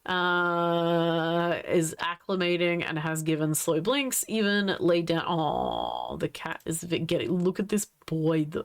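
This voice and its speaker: A woman's voice: lowish voice, lively intonation, slow pace. A woman streamer chatting casually on a live stream, gushing and giggling as she reacts to what is on screen. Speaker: livestreamer.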